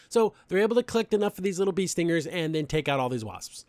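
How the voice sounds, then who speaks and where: A man's voice: fairly high pitch, animated, quick pace, hardly any pauses, darkish tone, dry recording. A young man hosting a podcast, recapping a cartoon episode in a chatty, opinionated way with lots of fillers. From Mexican family background. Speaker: podcast host.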